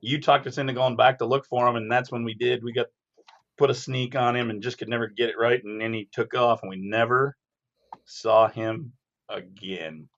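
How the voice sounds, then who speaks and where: A man's voice: mid-range voice, normal speed, muffled recording. A man, a guest on a podcast, telling hunting stories and talking industry in casual chat with chuckles. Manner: relaxed storyteller, chuckles.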